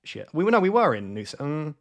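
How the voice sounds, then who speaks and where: A man's voice: a little high, sing-song, fast. A young man streaming live, rambling and thinking aloud with lots of fillers and self-mocking asides as he guesses places on a map. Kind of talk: casual live-stream commentary while playing a map guessing game.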